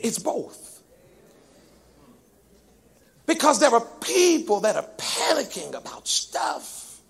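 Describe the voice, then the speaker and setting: A man preaching a sermon to a congregation at a church service. He moves between hushed talk and sung, shouted peaks in a rhythmic preaching cadence. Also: high voice, vocal fry, husky. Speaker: pastor.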